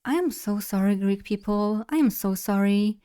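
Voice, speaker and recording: The voice is mid-range, dark, and clean-toned, belonging to a young woman whose native tongue is Polish. She streams with chatty, slightly rambling talk and frequent self-directed laughter.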